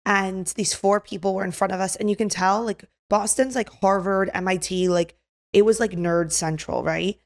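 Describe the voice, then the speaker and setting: A young woman co-hosting a podcast, telling a story in a casual chat, animated, acting out quotes, with lots of "like". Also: mid-range voice, moderate pace. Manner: animated, acts out quotes, filler "like". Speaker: podcast co-host.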